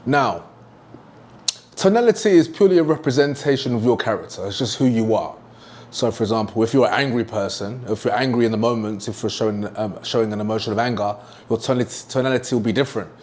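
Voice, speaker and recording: A man's voice: mid-range voice, quick pace, a little mellow. A young man teaching a sales lesson at a whiteboard, emphatic and repeating his key points. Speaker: sales trainer.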